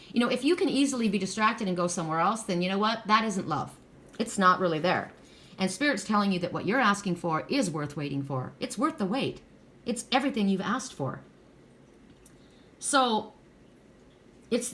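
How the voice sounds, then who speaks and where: A woman's voice: medium pitch, bright, forceful tone. A middle-aged woman giving a casual tarot card reading, blunt and emphatic, who swears freely.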